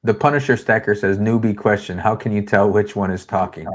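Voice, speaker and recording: A man's voice: fairly low pitch, fairly even intonation, brisk. A man hosting a casual livestream, talking in a loose, rambling way and reading viewer comments aloud. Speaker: host.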